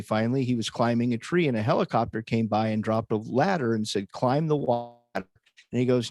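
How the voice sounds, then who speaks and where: A man speaking as a panelist in a casual chat, measured, with dry sarcastic humor. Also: mid-range voice, a little mellow, dry recording.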